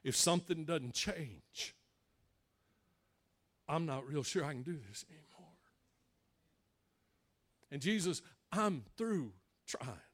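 A man voicing a worn-out blind beggar pleading for help, in a low, weary tone. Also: animated, slow pace, long pauses, slightly rough, heavily acted. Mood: desperate plea.

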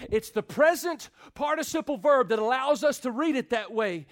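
Pastor, high voice, middle-aged, preaches with dramatic pauses and hushed-to-loud swings. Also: male voice, animated. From Texas. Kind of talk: sermon.

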